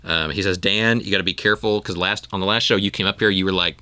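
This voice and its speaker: Low-voiced rambling male podcast host. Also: fairly even intonation, quick pace, sharp tone, no echo. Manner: rambling, with frequent ums and restarts. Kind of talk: casual chat.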